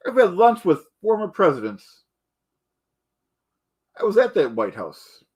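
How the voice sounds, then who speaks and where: A man's voice: sits high, very animated, measured pace, husky. A man in a rambling comedic rant, indignant and boastful, calling himself the Duke and stumbling over repeated words. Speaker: comedic ranter.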